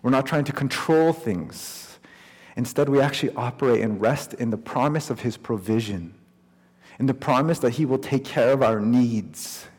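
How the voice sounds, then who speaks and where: A man's voice: medium pitch, moderate pace, darkish tone, breathy edge. Male preacher in a reverberant hall. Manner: storytelling, conversational preaching. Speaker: pastor. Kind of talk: sermon.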